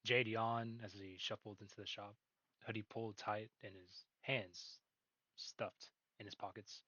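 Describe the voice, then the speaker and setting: Low-voiced guy reading a story casually, chuckles at his slipups, dull dry mic. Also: little pitch movement, unhurried, bright, forceful tone, no echo. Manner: casual, laughs at his own slips. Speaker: reader.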